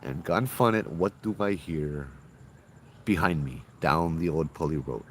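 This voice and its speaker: A man, a ghost tour guide telling spooky stories in a casual, animated way with local slang. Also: a bass voice, a little slow, a little hiss or hum. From Hawaii.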